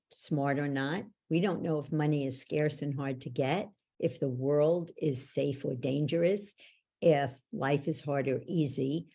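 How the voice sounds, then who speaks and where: A woman with a dark, gravelly voice sits low in her range as a podcast guest. She speaks slowly and emphatically, like a parenting educator telling stories. Her tone is husky rather than clear. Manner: emphatic storyteller, acts out voices in anecdotes. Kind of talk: conversational podcast interview.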